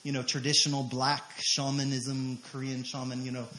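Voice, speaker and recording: A man, a missionary preacher, telling a testimony story in an animated way, acting out quotes with many fillers. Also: mid-range voice, normal speed, slight background noise.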